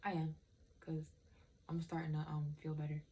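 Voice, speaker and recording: A woman's voice: low voice, monotone, normal speed, dark tone, a little hiss or hum. A young woman vlogger in casual, candid chat, rambling and swearing freely.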